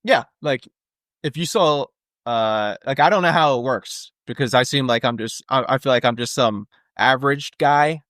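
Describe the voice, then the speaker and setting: Male podcast co-host, mid-pitched, loose rambling delivery, dry studio sound. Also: moderate pace, a bit bright, dry recording. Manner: rambling, lots of fillers and jokey asides. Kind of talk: casual movie-discussion chat.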